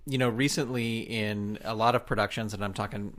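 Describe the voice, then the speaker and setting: A man's voice: on the low side, fairly even intonation, fairly quick, fairly bright tone. A man hosting an interview podcast, asking questions hesitantly and laughing often. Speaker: podcast host.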